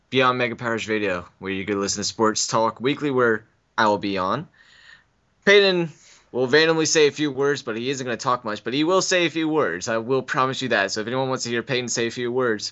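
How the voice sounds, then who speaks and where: Bright, playful male podcast panelist. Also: mid-range voice, a little fast. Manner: playful trash talk. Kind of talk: casual podcast chat. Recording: dull lo-fi sound.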